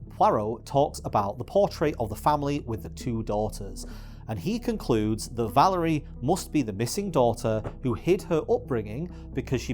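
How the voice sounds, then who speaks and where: A man's voice: medium pitch, a little mellow. A man giving exasperated, swearing video essay commentary as a YouTuber.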